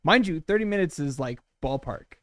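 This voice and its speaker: Quick-talking young man player. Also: a little high, expressive, a bit bright, no echo. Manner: quick, casual suggestions. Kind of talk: tabletop game play.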